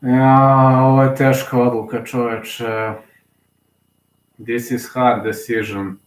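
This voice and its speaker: A man's voice: mid-range voice, flat delivery, slow pace. Emotional man, echoey room. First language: Serbian. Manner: emotional, hesitant, thinking aloud. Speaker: live fight commentator. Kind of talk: casual live commentary.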